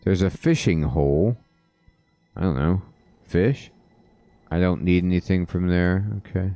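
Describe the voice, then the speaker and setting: A man's voice: low voice, a little slow, dark tone, faint music behind. A man casually commenting while playing a game and reading out its dialogue. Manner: mumbling, reading dialogue aloud. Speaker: let's play gamer.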